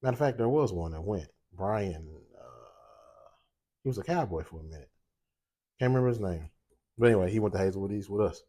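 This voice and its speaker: Laid-back storytelling man, lower voice. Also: brisk, long pauses. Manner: animated, laughing, voices quoted people. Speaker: cooking show host. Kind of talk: casual storytelling.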